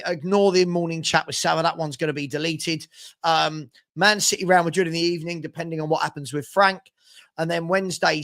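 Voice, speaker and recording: A young man with a noticeably high-pitched voice hosts a live football watchalong. He talks in a loose, chatty way, reading out viewer comments and answering them off the cuff. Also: vocal fry, a bit bright. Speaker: watchalong host. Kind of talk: casual live-stream chat.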